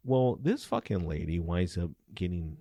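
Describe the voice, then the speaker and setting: Middle-aged male ex-cop, very low voice, dry close sound, gritty profane storyteller, acts out the quotes. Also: normal speed, dry recording. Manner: animated, profane storyteller acting out dialogue. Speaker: former police officer. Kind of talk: casual storytelling interview.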